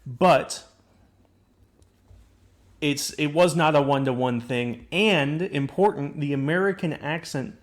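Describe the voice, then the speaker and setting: A man's voice: on the high side, slow, pauses often. A young man hosting a casual chat, asking probing questions and reasoning through answers aloud. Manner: inquisitive, questioning. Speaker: host.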